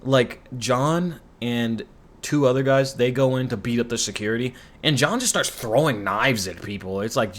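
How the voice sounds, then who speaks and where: A commentary YouTuber recaps a show's plot in a loose, ranting ramble, swearing freely and turning sarcastic whenever something bugs him. He talks at normal speed in an ordinary medium pitch.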